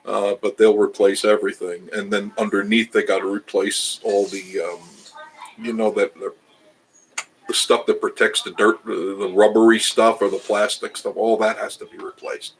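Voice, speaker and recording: An older man with a fairly low voice chats on his livestream, reading viewer comments aloud. He rambles, starts over, and laughs at himself as he talks. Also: level tone, normal speed, slight background noise, rough recording. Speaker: travel channel host reading live chat. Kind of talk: casual livestream chat.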